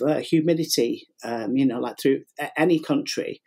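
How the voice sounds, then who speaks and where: A middle-aged man who works as a sugar flower artist, telling stories as an interview guest. He talks in a lively way, acting out what people said, and restarts his sentences often. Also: medium pitch, moderate pace, breathy edge. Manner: animated, acts out quotes, many restarts. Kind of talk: casual interview storytelling.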